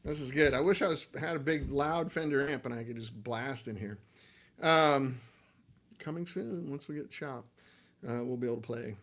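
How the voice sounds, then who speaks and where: A man's voice: medium pitch, normal speed, a bit bright. A middle-aged man hosting a casual livestream, talking in a loose, rambling, self-deprecating way. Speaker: livestream host, amp builder.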